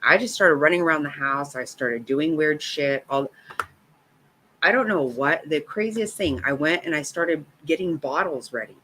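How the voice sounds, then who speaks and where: Low-voiced woman telling a story. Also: animated, moderate pace, fairly bright tone, a little hiss or hum, low-quality recording. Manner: rambling, swears freely, laughs between lines. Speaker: vlogger telling a personal story. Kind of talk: casual storytelling.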